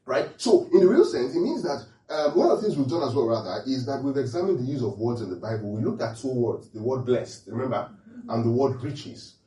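Man preaching, lively swooping voice, laughs a lot, roomy echo, a bit off-mic. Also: medium pitch, a little fast, far from the mic. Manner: animated, laughing often, asks the audience questions. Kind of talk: humorous sermon.

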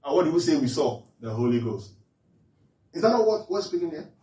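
Male preacher, fairly high and lively pitch, keeps checking if the room follows, recorded echoey and from a distance. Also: a little fast. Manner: quizzes listeners with repeated questions, animated. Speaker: pastor. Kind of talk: interactive Bible teaching sermon.

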